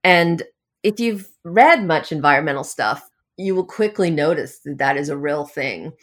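A woman novelist answers questions about her writing in an easy, conversational way. Her voice sits low, and she keeps a wry, self-deprecating humor with frequent small laughs. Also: animated, moderate pace. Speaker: novelist guest. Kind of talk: casual interview answers.

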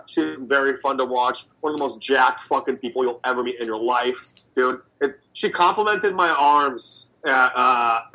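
Twenties male co-host, bright tone, eager and rambling. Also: mid-range voice, normal speed, low-quality recording. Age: 20s. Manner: enthusiastic, rambling with fillers. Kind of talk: casual sports chat.

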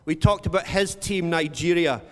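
A man's voice: fairly high pitch, moderate pace, fairly bright tone, faint music behind. Man preaching in an echoing hall. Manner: earnest, storytelling, repeats words for emphasis. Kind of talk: sermon. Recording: long reverb of a large hall.

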